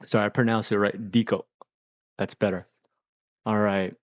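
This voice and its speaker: A man from Pennsylvania hosts a casual livestream, talking while he eats. He rambles and drifts off topic, with a lowish voice. His audio is dry and slightly muffled. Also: little pitch movement, moderate pace, dry recording. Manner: rambling, chatty, talks while eating. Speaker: livestream host.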